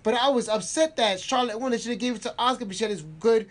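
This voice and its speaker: A man's voice: very high voice, racing. A man giving opinions in a casual podcast chat, often asking "you know what I mean". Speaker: podcast co-host.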